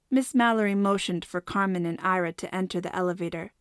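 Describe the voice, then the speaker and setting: A woman narrating a storybook in a steady, measured way. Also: fairly low pitch, dry recording, clean studio sound. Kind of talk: audiobook narration.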